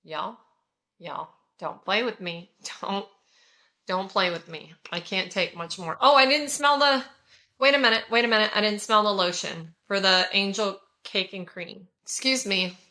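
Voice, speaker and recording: At a moderate pace, this woman in her forties from California reviews scented products for her viewers, gushing in a casual haul vlog. Her voice sits at a middle pitch and sounds bright and forward, with an effusive, chatty delivery.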